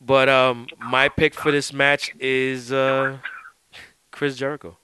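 A man's voice: mid-range voice, level tone, takes it slowly, sharp tone, clear, resonant tone, poor audio. A man hosting a wrestling podcast, talking loosely and swearing freely with lots of "like" and "dude", sipping a drink as he goes. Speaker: podcast host. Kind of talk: casual chat.

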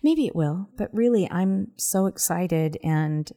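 This Southern-accented podcast co-host speaks slowly, with a fairly low pitch and a dark tone. Her casual chat is earnest, and now and then her voice falls to a whisper.

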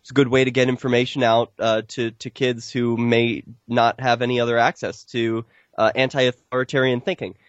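A man, an activist filmmaker, telling stories in a casual podcast interview, getting animated and jumping up in pitch when he quotes people. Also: moderate pace, dry recording, highs cut off. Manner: animated storytelling, pitch jumps when quoting others.

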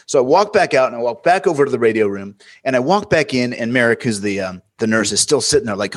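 A man's voice: medium pitch, fast talker. A man hosting a medical podcast as an emergency physician, telling a story and acting out the dialogue. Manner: lively storyteller who acts out quoted dialogue. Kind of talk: casual medical podcast chat and anecdote.

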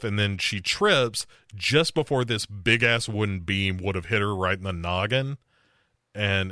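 A man's voice: lowish voice, sharp tone, no room sound, studio quality. A man hosting a casual podcast and recapping a TV series, loose and profane, with lots of fillers. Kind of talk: casual chat.

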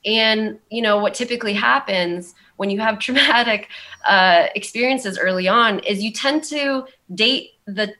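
A woman's voice: medium pitch, unhurried, pushed and bright. A young woman with a Valley girl accent, telling her story in a rambling, candid way, full of "like" and "um". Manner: rambling, heavy use of "like" and "um". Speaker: guest.

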